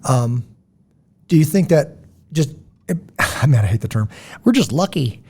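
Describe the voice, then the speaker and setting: A man hosting a podcast, talking in a blunt, emphatic, preachy way with a husky voice. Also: mid-range voice, very animated, measured pace, darkish tone. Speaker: podcast host. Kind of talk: casual podcast discussion.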